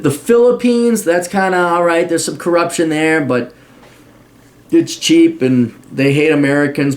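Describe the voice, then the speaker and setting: A middle-aged man holds forth in a loose, rambling monologue, blunt and profane. His pitch sits in an ordinary middle range. He now and then leaps up into a shrill mocking voice to quote someone. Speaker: podcast host answering a listener request. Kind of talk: casual monologue.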